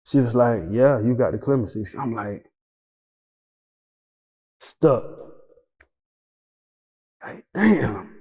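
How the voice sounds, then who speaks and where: Male interview guest, lively storyteller who acts out every line of dialogue, cusses often; reverby room. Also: mid-range voice, slow pace, pauses often, husky. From Tampa, Florida. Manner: animated, acts out dialogue, swears freely. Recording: roomy reverb, dull lo-fi sound.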